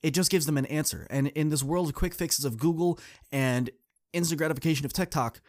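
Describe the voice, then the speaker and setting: A man, a student coach and podcast host, tells a story in an earnest, direct way and speaks straight to his listeners. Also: brisk. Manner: acts out quoted people with shifts in pitch. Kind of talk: casual podcast monologue telling a story.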